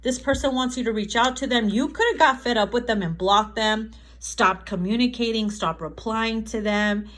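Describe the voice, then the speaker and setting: A woman's voice: a little high, moderate pace, hardly any pauses, fairly bright tone. A woman giving a casual tarot reading to camera, chatty and profane, often laughing and acting out quotes. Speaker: tarot reader.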